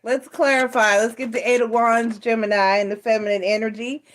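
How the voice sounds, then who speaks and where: A woman's voice: fairly high pitch, steady tone, a little fast. A woman from New York with a Southern American accent, doing a casual tarot reading at home, chatty and often laughing. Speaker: tarot reader.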